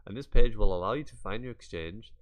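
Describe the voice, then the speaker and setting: A man's voice: on the low side, quick pace. A man with a chatty, rambling delivery, talking viewers through a website in a screen-share tutorial, with mock-exasperated asides. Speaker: YouTuber.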